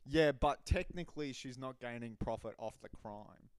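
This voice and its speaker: A man's voice: medium pitch, normal speed, clean tone, no room sound. A young Australian man co-hosting a podcast, chatting casually and swearing as he explains things. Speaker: podcast co-host. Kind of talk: casual chat.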